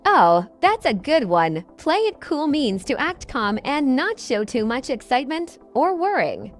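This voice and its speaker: High, lively woman teaching English. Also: a little slow, soft background music. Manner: upbeat, explains phrases with examples. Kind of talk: scripted podcast lesson.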